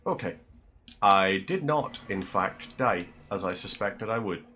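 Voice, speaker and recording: Male streamer, low voice, rambling casual chat, dry self-deprecating humor. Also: lively intonation, a little slow, pushed and bright, a little hiss or hum. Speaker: livestreamer.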